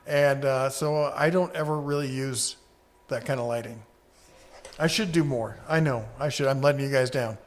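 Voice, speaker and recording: A man's voice: mid-range voice, moderate pace. A man co-hosting a casual live-stream podcast, rambling easily and reading viewer comments aloud.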